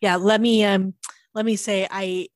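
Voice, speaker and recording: Relaxed, hesitant female co-host, mid pitch, dry close sound. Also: a little slow, dry recording. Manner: relaxed, hesitant, restarts often. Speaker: podcast co-host. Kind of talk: casual chat.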